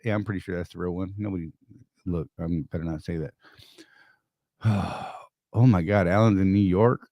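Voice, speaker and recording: A man's voice: low-pitched, moderate pace, warm tone, dry recording, studio quality. An older man co-hosting a casual live stream, joking, teasing and greeting viewers by name.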